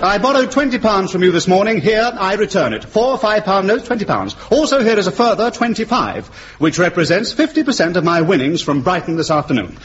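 An actor playing a smug, pompous young gambler in a radio comedy, making indignant speeches. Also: male voice, high voice, very animated, fairly quick, some chatter behind. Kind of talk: 1950s radio comedy acting. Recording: muffled old broadcast with hiss.

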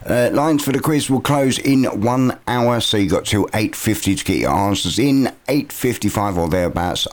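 A very deep-voiced man hosts a morning radio show from the studio. He talks in a relaxed, chatty way, dropping frequent "uh"s as he goes. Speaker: radio presenter. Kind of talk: casual local radio chat.

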